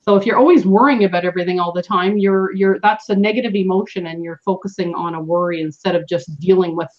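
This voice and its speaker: A woman's voice: fairly low pitch, fairly even intonation, fast, darkish tone. A woman from Canada hosting a team call, giving earnest coaching advice with some fillers. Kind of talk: motivational team call talk. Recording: dull lo-fi call audio.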